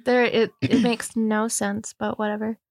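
A young woman with a fairly high voice, co-hosting a podcast in a dry, close recording. She chats casually, mostly chiming in with quick agreements, and swears bluntly. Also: level tone, darkish tone, no echo. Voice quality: reacts with short agreements and swearing. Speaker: podcast co-host. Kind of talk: casual chat.

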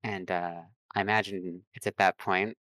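A man's voice: deep voice, steady tone, moderate pace, pushed and bright, no echo. A man playing a tabletop game, hesitant and full of fillers as he plans his character's move. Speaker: player. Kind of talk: casual chat, tabletop game.

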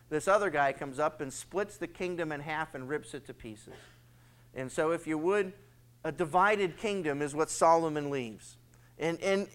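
A man preaching through a Bible passage with a high, clear and smooth voice. He talks conversationally and gets animated, slipping into a pleading father's tone for quotes. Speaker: pastor. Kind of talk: sermon, Bible study.

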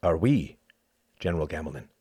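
A man's voice: rumbling low, expressive, brisk, mellow, slightly rough, no echo, studio quality, exaggerated voice. A man putting on a raised, scornful French premier. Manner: pointed, emphatic questioning. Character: cautious, scornful French premier, middle-aged. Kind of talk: audiobook character reading.

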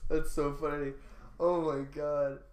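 A man's voice: fairly high pitch, level tone, unhurried, darkish tone. An American man chatting casually as a podcast co-host, reacting with slang and swearing. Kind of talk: casual chat. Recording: echoey room with faint noise.

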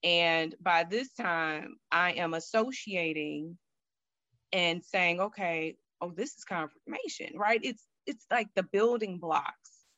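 Candid woman guest, lowish voice. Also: takes it slowly, dry recording, highs cut off. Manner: candid, animated, acts out quoted thoughts. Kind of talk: personal storytelling in conversation.

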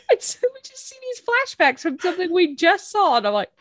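A woman co-hosting a casual chat, recapping a show with animated sarcasm and frequent laughter. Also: on the high side, fairly quick, dry recording. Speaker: podcast co-host recapping an anime.

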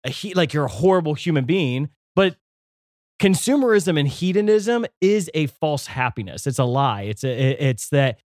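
A young man co-hosting a faith podcast in a studio, telling stories in an animated way with many fillers and restarts. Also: on the high side, normal speed, dry recording. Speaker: podcast co-host.

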